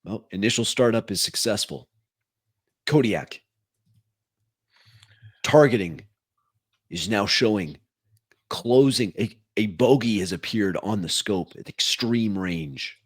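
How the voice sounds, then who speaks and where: Slow, low-voiced man running a game. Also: lively intonation, breathy edge, no echo. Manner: measured, descriptive narration. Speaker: game master. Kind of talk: narrating a tabletop game.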